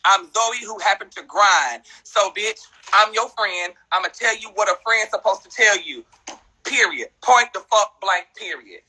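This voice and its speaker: A man's voice: high voice, pushed and bright, breathy edge, poor audio. A man ranting bluntly and profanely on a phone livestream. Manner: blunt, profane, fast-talking rant. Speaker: social media personality.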